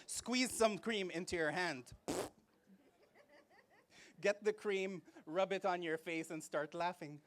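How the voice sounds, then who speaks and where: A man leading a laughter yoga session, his voice bright and forceful. He talks slowly and plainly as he walks a group through playful exercises, breaking into cheers and loud laughter. He sounds like he is running a live event in front of a crowd. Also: sits high. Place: festival event space with a live audience.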